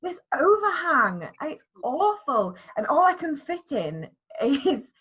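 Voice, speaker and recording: Bright-voiced chatty woman. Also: high voice, big pitch swings, slow. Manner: chatty, laughs often, trails off with fillers. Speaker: podcast co-host. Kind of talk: casual chat.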